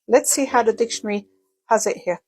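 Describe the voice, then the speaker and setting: A woman's voice: on the high side, fairly quick, darkish tone, slightly rough. Woman patiently teaching dictionary pronunciation. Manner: explains step by step with demonstrated sounds, asides and self-corrections. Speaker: English teacher. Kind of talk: casual video lesson.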